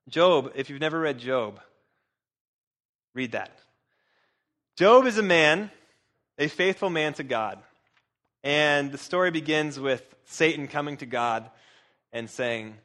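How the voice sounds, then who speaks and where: A man preaching a casual, animated sermon, retelling Bible stories in a conversational way with frequent repeated words. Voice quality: says his own voice is low and squeaky.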